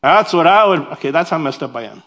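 Animated pastor preaching in a somewhat high voice. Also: male voice, quick pace. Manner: animated and self-deprecating, with humorous asides; reads scripture aloud, then explains it. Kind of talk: sermon.

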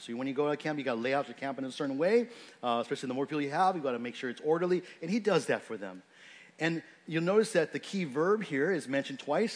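A man giving a sermon in a conversational, unscripted way, with frequent fillers and restarts as he explains a scripture passage. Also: fairly high pitch. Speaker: pastor.

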